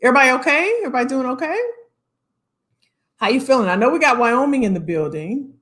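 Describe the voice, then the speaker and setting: Lively high-voiced woman hosting a livestream. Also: fast. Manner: upbeat, greets viewers by name; talks to unseen commenters. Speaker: livestream host, career coach. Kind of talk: casual livestream chat.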